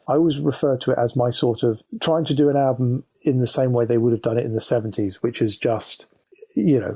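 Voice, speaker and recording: An English man tells long stories about his music in a relaxed interview, talking fast. His voice is dark and mellow, with some fry and a husky edge. He gets lively whenever he quotes someone else. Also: medium pitch. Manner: chatty, animated when quoting others. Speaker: musician guest. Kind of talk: casual interview storytelling.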